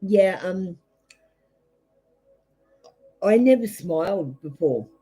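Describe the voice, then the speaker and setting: An Australian woman talks straight to her viewers as a tarot reader on a live stream. She is blunt and rambling, full of fillers and self-restarts. Her voice is mellow and relaxed, at an ordinary middle pitch. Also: extremely slow, slightly rough, low-quality recording.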